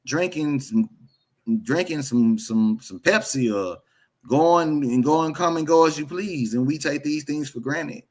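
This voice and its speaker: A man who is a guest on a livestream, speaking haltingly and repeating words as he searches for what to say. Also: a little high, darkish tone. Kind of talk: casual conversation.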